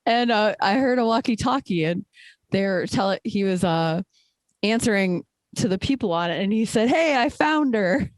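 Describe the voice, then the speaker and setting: A woman's voice: mid-range voice, moderate pace, no echo. A woman guest, a trail ultrarunner, talking candidly and emphatically in a casual interview, with many fillers.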